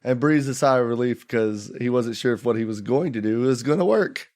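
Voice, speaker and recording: A man's voice: medium pitch, a little fast, a little mellow. A man playing a tabletop game, chatting in an easygoing way with hesitant restarts. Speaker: player. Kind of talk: casual chat at a game table.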